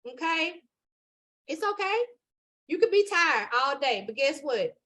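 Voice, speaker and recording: A woman's voice: high-pitched, sing-song, a little slow, sharp tone. A woman leading a live astrology class in an emphatic, preachy manner, repeating her points and checking in with "okay?". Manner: repetitive, building emphasis. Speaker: astrology teacher. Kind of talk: live motivational spiritual class.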